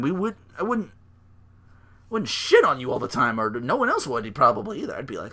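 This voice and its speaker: A man hosting a casual solo podcast, recapping wrestling with excitement, laughter and quick put-on voices. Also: medium pitch. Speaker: podcast host.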